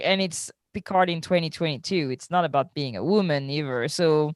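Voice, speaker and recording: A woman's voice: on the low side, a little slow, a little mellow, no echo. A woman co-hosting a podcast, reviewing a TV episode in casual chat, laughing often and filling her talk with "like". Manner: chatty, laughs often, says "like" a lot. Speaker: podcast co-host.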